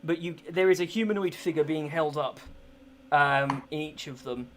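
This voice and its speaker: Man running a tabletop game, higher voice. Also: moderate pace, a little hiss or hum. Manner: relaxed, many "um"s, laughs easily. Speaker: game master.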